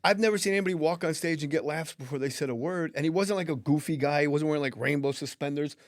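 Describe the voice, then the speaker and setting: A middle-aged man hosting a podcast, telling stories in a casual, profane, animated way on a close studio mic. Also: a little high, fast, no echo. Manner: profane, animated storyteller who acts out voices. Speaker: podcast host. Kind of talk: casual storytelling chat.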